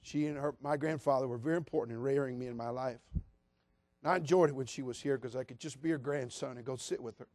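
A man preaching a sermon as pastor, passionate, moving between loud appeals and hushed, quiet passages. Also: mid-range voice, fast, dry recording.

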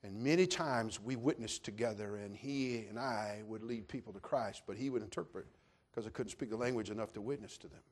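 A middle-aged man pastor preaching a sermon, telling a personal story and swinging from calm to loud, emphatic preaching. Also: fairly low pitch, a little fast, breathy edge.

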